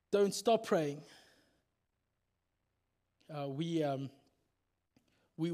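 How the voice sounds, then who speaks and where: A male pastor preaching a sermon in an animated storytelling manner, acting out the scenes. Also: a little high.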